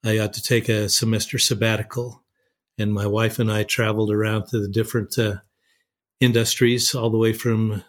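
A man's voice: lowish voice, little pitch movement, moderate pace. A man who teaches welding and is a pastor, talking in a plainspoken, folksy way. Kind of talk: casual conversation.

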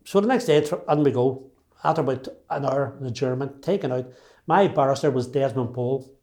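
A man in his sixties with a Derry accent talks in a mellow, darkish voice at a middling pitch. He speaks emphatically, often restarting his sentences as he tells his own story. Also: normal speed. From Northern Ireland. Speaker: interviewee. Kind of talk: personal storytelling.

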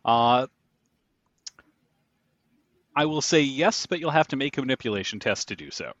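Man, game master, measured explanations, dry close sound, muffled lo-fi mic. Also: mid-range voice, expressive, fairly bright tone, no echo. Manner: measured, explanatory, many "uh" fillers. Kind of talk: narrating a tabletop game.

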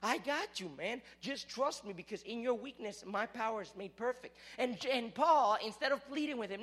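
A man with a very high voice preaches to a young crowd. His delivery is lively and animated, jumping from fervent, loud passages to quiet, hushed ones. He also drops in casual jokes to the people in front of him. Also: normal speed, hardly any pauses. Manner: casual, joking asides to the crowd. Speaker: youth preacher. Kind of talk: sermon.

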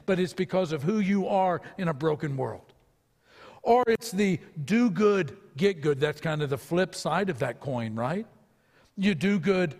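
High-voiced man preaching a sermon. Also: big-room sound. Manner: earnest preaching with rhetorical questions. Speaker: pastor.

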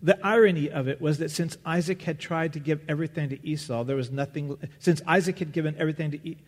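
Earnest preacher in a big echoing hall. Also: male voice, on the high side. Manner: earnest, searching, with restarts and pauses. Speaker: pastor. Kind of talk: sermon. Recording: long reverb of a large hall.

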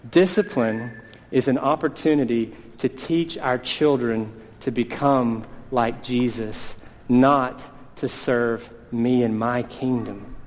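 A man in his thirties preaching a sermon, earnest, slowing down to stress key words. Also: mid-range voice, darkish tone, big-room sound, poor audio. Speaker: pastor.

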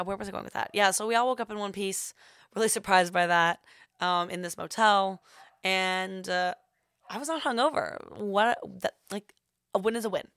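Gravelly young woman telling a story. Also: mid-range voice, fairly bright tone, no room sound, studio quality. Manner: rambling, heavy on filler words. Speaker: podcast host. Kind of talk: casual storytelling.

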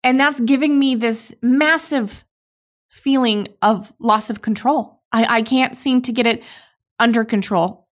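A woman in her thirties hosting a podcast, talking candidly and emotionally in a raw, halting way with frequent restarts. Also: high-pitched. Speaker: podcast host. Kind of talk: candid solo podcast monologue.

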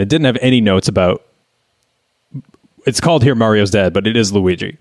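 A man's voice: on the low side, moderate pace, long pauses, dry recording. A man reading stage directions in a dry, reluctant, weary way during a comedic script reading. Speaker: co-host, reader.

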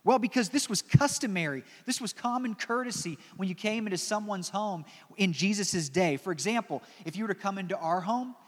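A man preaching a sermon, telling the story dramatically, dropping into soft, slow passages and adding joking asides. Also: high-pitched. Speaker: pastor. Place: church. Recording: long church reverb.

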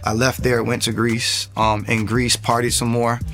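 Young man, podcast guest, casual testimony, animated storytelling, mid-range voice, quiet music underneath. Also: mid-range voice, normal speed, vocal fry. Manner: animated storytelling, rises when reliving the moment.

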